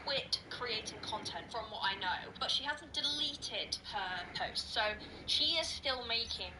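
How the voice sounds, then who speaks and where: A woman in a commentary video, calmly fact-checking and nitpicking point by point. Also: a little high, measured pace, noisy background. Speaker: online commentator.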